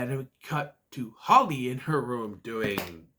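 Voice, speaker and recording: Animated sarcastic man recapping a movie. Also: medium pitch, measured pace, slight background noise. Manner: acts out quoted lines in exaggerated voices; sarcastic asides. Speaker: movie reviewer. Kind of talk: casual comedic movie recap.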